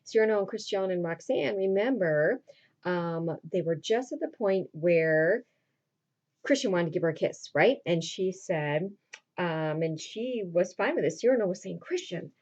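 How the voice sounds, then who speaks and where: A woman's voice: on the low side, expressive, moderate pace, darkish tone. A woman teacher retelling a play for her class in a chatty, casual way, often checking in with her listeners, in a dull lo-fi recording. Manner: chatty, with frequent fillers and check-ins.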